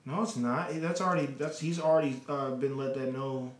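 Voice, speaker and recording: A man's voice: medium pitch, normal speed, roomy sound. A man co-hosting a podcast, joking and bantering in casual chat. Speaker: podcast co-host.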